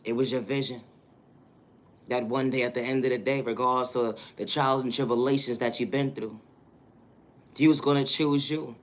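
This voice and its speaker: A man's voice: mid-range voice, little pitch movement, brisk, a bit bright. A man hosting a livestream and speaking a motivational monologue, with affirming lines and repeated catchphrases. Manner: repetitive, affirming, rhythmic catchphrases. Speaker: livestream host.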